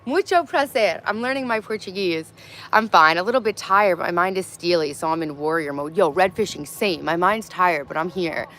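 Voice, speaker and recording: A woman's voice: on the low side, fairly quick, bright, forceful tone. A woman in her thirties hosting a casual livestream, chatting bluntly with viewers, reading their comments aloud and swearing freely. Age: 30s. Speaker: livestream host. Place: outdoors in her garden.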